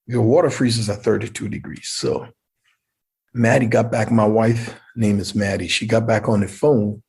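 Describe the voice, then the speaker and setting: Man, middle-aged, very raspy, gravelly, animated storyteller, interview guest. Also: on the low side, normal speed. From Liberia. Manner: animated storyteller who acts out quoted voices.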